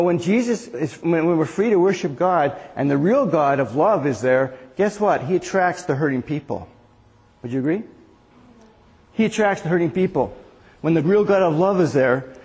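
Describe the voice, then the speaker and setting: A man's voice: sits high, long reverb tail. A man preaching a sermon in a rambling, conversational way, often asking the audience questions.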